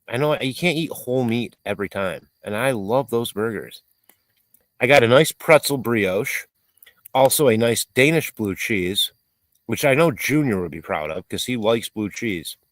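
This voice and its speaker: A man's voice: medium pitch, animated, normal speed, a bit bright, no room sound. A middle-aged man hosts a casual live stream, cooking and chatting away while he reads out viewer comments. His voice swings up and down a lot, and he is recorded close and dry, with no room sound.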